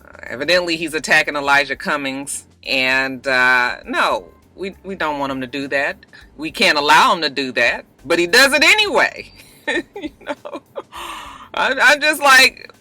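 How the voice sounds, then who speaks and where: A woman's voice: low voice, very animated, measured pace, pushed and bright, no echo, faint music behind. A woman hosting a casual chat vlog, talking bluntly with sassy asides and a slightly thick mouth from a dental retainer. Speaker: vlog host. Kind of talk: casual chat about celebrity news.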